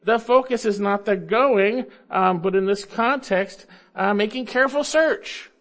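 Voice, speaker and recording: A man preaching an expository sermon, emphatic, coaxing listeners along with rhetorical questions and swinging between loud stresses and low asides. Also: unhurried. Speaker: preacher teaching Bible grammar.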